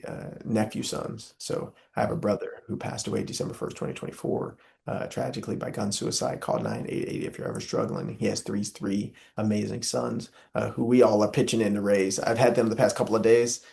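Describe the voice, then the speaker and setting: Young guy, real gravelly voice, kinda low, talks like a preacher. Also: animated, fairly quick, hardly any pauses, warm tone. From Southern US. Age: young adult. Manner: impassioned, preacherly, frequent filler "uh". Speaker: guest. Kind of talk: earnest interview conversation.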